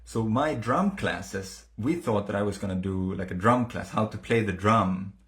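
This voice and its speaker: A man telling a personal story in a casual, earnest way, halting often with fillers and restarts. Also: fairly low pitch, a bit bright.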